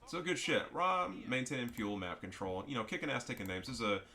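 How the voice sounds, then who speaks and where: A man's voice: mid-range voice, sing-song, a little fast, pushed and bright, a little hiss or hum. A man giving casual, joking and profane commentary over a strategy game match. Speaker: gameplay commentator.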